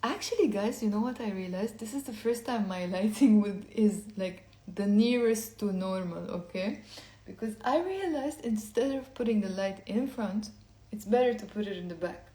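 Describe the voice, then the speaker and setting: Quiet, chatty woman teaching, echoey room. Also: mid-range voice, moderate pace. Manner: chatty, explains step by step, drills words aloud. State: quiet and low-key late at night. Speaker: Lebanese Arabic teacher. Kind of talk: casual online language lesson. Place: indoor room at night.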